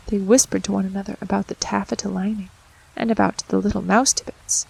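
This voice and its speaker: A woman narrating a classic children's storybook aloud, expressive and ready to act out voices and sounds. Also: mid-range voice, vocal fry, husky, rough recording. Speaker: audiobook narrator. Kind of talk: storybook reading.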